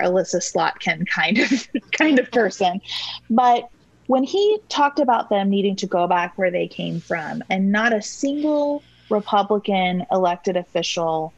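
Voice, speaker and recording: An earnest woman being interviewed, laying out her reasoning in careful, full sentences. Her voice sits at a middle pitch with little room sound. The recording is a bit dull and lo-fi. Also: lively intonation, dry recording. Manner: earnest, reflective, speaks in full measured sentences. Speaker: podcast guest, author. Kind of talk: conversational interview.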